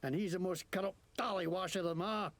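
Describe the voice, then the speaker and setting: An actor playing a crude, noseless male wasteland crook in a video game, with a gravelly voice and a bad fake Scottish accent. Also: high voice, steady tone, fast, fairly bright tone, no echo. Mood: ranting. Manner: crude, ranting, self-pitying.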